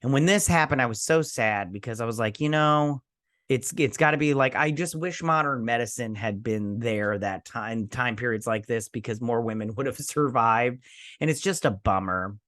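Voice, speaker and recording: Host, male, mid-pitched, dry close sound; rambling casual recap, swears freely. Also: moderate pace, fairly bright tone, dry recording. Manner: rambling, many restarts and "he's like" paraphrases; loose and profane.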